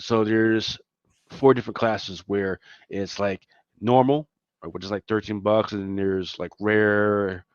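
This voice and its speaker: A man's voice: fairly low pitch, no room sound. Emphatic Philly man, dull dry recording. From Philadelphia, USA. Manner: emphatic, repeats words, peppers speech with "man" and "right?". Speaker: podcast co-host. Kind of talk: casual chat.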